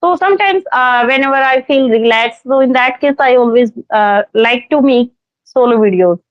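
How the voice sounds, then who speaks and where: A young woman with an Indian accent speaks on a video call, an English teacher sharing advice in a rather high voice. She talks earnestly but hesitantly, leaning on fillers. The call audio is dry and a little dull. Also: moderate pace, dry recording. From Haryana, India. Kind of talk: casual conversation practice call.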